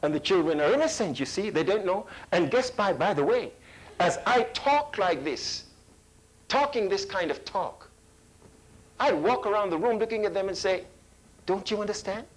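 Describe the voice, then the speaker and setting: A man's voice: sits high, animated, normal speed, low-quality recording. A man giving a math workshop to parents, emphatic and full of rhetorical questions, sometimes mimicking teachers and children.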